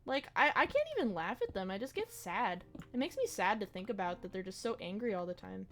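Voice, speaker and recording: A woman's voice: mid-range voice, very animated, brisk, fairly bright tone, soft background music. A young woman streaming a game, chatting casually in a rambling, reflective way with slang and swearing. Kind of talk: casual chat while gaming on stream.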